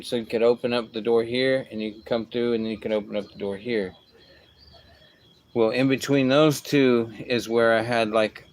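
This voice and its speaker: A man with a smooth, clear voice at an ordinary middle pitch tells a casual story. He rambles along, tossing in asides and restarting his sentences, as if chatting with a friend. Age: adult with a young son. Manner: rambling, full of asides like "whatever" and "boom".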